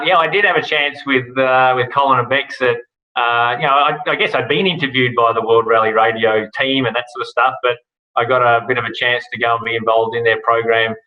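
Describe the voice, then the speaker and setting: An Australian man who hosts rally broadcasts appears as a guest on a relaxed podcast interview, rambling casually with lots of fillers and restarts. His medium-pitched voice sounds pushed and bright, though the recording is muffled.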